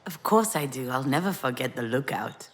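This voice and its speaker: A woman's voice: a bass voice, expressive, normal speed. An actress playing a young woman in a visual novel, speaking in a dry, sardonic manner. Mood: wry. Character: young woman, wry and guarded daughter. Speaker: game character.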